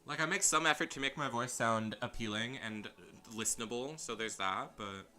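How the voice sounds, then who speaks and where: Over faint game music, a young man gives loose let's-play commentary on stream, chatting, rambling, and poking fun at himself with frequent laughs. He speaks at normal speed with a medium-pitched voice and a sharp tone.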